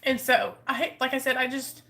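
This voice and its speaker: A woman vlogger speaks straight to her viewers, openly emotional and earnest. Her voice sits a little high and sounds bright and tense. She rambles and restarts her sentences as she talks. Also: fairly even intonation, moderate pace. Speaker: YouTuber. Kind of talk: heartfelt live chat with viewers.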